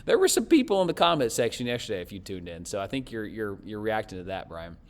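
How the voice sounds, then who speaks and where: A man forecasting the weather and chatting warmly as he reads out viewer comments. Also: fairly low pitch, big pitch swings, fast. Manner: friendly, chatty, thanks viewers often.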